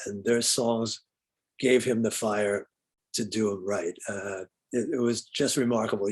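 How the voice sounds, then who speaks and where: A man's voice: lowish voice, slightly rough. An older man, a veteran guitarist, telling laid-back stories as an interview guest. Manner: laid-back, warm storyteller. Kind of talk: relaxed interview storytelling.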